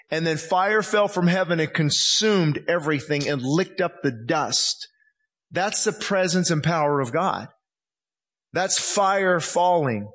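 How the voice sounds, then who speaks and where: A man preaching a passionate sermon as pastor in a church, reading scripture slowly and acting out voices. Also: sits high, a bit bright.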